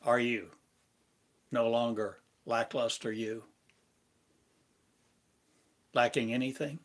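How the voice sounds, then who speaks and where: A man giving a meditative spiritual lesson, speaking in slow, repetitive, incantatory phrases. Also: mid-range voice, steady tone. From United States. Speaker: spiritual teacher.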